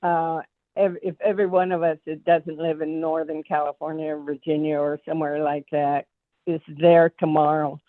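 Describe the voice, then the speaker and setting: A woman's voice: sits low, little pitch movement, moderate pace, no echo. A woman in the audience asking an earnest, insistent question. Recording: tinny dry phone line.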